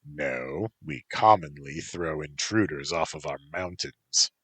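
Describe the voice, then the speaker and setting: A man voicing a gruff, teasing male tengu bodyguard who speaks in a dry, mocking, unhurried way, in a storybook reading. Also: very deep voice, a bit bright, dry recording, full character voice.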